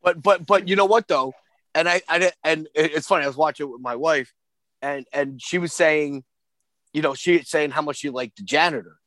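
Co-host, fairly high male voice, dry close sound; rambly, repeats himself, swears. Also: brisk, a bit bright, no room sound. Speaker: podcast co-host. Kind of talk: casual film discussion.

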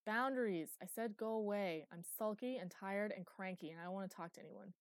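A woman voicing a sarcastic, sulky young male pilot in an audiobook, pitched up and whiny. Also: fairly even intonation, quick pace, no echo, lightly acted.

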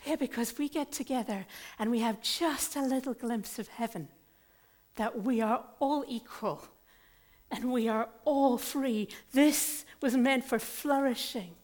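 A woman pastor preaching a sermon in an earnest, deliberate and emphatic way. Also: high-pitched.

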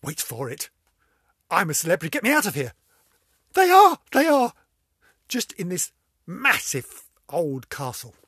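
A woman's voice: sits low, very animated, moderate pace, pushed and bright, breathy edge, no room sound, clean studio sound. An older woman hosting a casual vlog, telling corny jokes and giggling at them herself. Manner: giggly, laughs at her own jokes, self-mocking. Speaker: vlog host.

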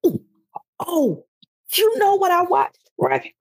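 A woman's voice: extremely high pitch, huge pitch swings, takes it slowly. A woman co-hosting a podcast in casual chat, ranting animatedly about TV and addressing listeners as y'all. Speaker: podcast co-host.

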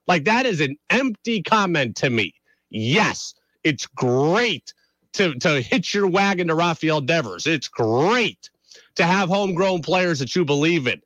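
A man hosting a sports radio show, talking through an animated, opinionated monologue with rhetorical questions. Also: on the high side, a little slow, no echo, low-quality recording.

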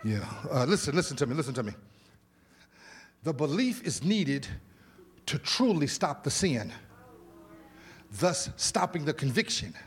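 A man preaching a sermon as pastor in a church, animated, with repeated words, exclamations and casual asides to the congregation. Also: fairly high pitch, a little slow, long pauses, breathy edge. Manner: informal, conversational asides to the congregation. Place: church sanctuary.

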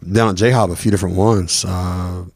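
A laid-back man with a low, gravelly, husky voice gives short, easy replies in casual chat. The sound is dry and close. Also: fairly even intonation, normal speed, dry recording. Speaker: podcast co-host.

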